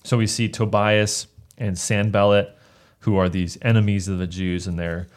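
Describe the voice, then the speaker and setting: A man's voice: fairly low pitch, little pitch movement, normal speed. A man, a pastor, talking through a book of the Bible in a casual discussion, earnest and often restarting his phrases as he reads verses aloud.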